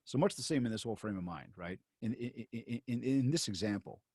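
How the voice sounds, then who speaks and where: A lively, fairly quick, slightly rough male voice swoops up and down in pitch as this motivational speaker tells stories at a seminar for real estate agents, acting out both sides of conversations. He talks to the room in a loose, chatty way, full of fillers, restarts and "right?", addressing the audience directly. The sound is dry and close, with no room echo.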